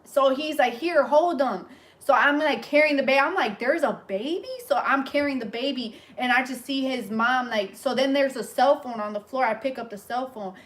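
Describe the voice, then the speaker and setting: A young woman with a somewhat high-pitched voice tells a story in an animated, casual way. Her retelling tumbles forward with frequent fillers and restarts, as if she is chatting while she works on someone's hair. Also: a little fast, hardly any pauses. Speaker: hairstylist and vlogger.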